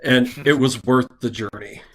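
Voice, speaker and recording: A man co-hosting a music podcast in casual chat, animated, with lots of restarts, acting out his own reactions. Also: medium pitch, moderate pace. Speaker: podcast co-host.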